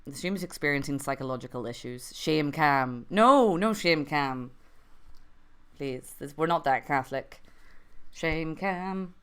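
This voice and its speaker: A woman's voice: deep voice, animated, measured pace, smooth. A young adult woman streaming an improvised interactive story and chatting with viewers, with wry, self-mocking asides.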